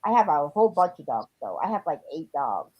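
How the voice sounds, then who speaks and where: A woman's voice: sits low, sing-song, fairly quick. A woman chatting casually on a livestream, rambling a bit with fillers as she tells dog stories. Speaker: livestream co-host. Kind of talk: casual chat. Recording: dull lo-fi audio.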